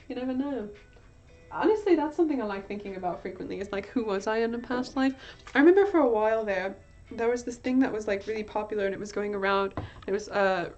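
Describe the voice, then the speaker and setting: A woman's voice: medium pitch, a little mellow. A tired young woman chatting on a livestream in a put-on British accent, rambling and self-mocking. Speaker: livestream host. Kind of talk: casual livestream chat. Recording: dull lo-fi sound, faint music behind.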